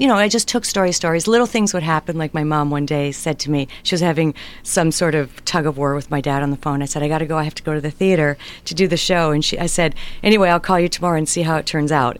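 A middle-aged woman with a notably low voice tells stories in a relaxed interview. She talks animatedly and slips into the voices of the people in her anecdotes. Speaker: guest, writer and performer. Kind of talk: conversational storytelling interview.

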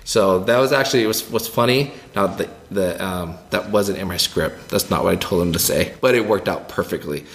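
A man co-hosting a church ministry podcast, telling a story in a rambling, animated, casual way. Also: low voice, fairly quick, vocal fry, hardly any pauses. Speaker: children's ministry co-host.

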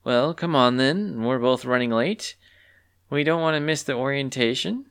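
A man voicing a sly, confident young female bird student who talks coyly and calmly. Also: medium pitch, normal speed, clean tone, pitched above the performer's own voice, close to an everyday voice. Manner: coy and calm.

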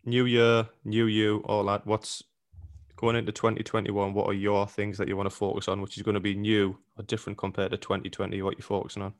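A man's voice: on the low side, monotone, a little fast. A man who is a personal trainer, co-hosting a podcast in casual chat and rambling with restarted phrases.

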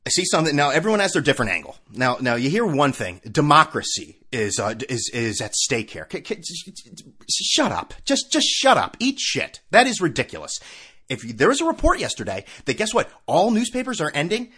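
A man's voice: fairly high pitch, big pitch swings, fairly quick, a bit bright, breathy edge. A man ranting in a solo talk show, sarcastic and profane, firing off rhetorical questions. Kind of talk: solo opinion rant.

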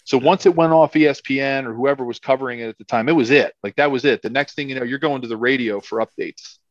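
A middle-aged man spins a loose, rambling anecdote, tossing in "like" and "you know" as he goes. His voice sits at an ordinary middle pitch. The sound is dry and a touch dull, with no room to it. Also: fast talker, no room sound. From Philadelphia area. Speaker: guest, former football player. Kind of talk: casual anecdote telling.

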